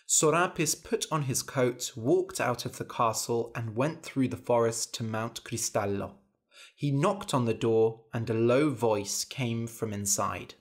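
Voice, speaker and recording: A man narrating a simple storybook tale for language learners, clear and deliberate. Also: mid-range voice.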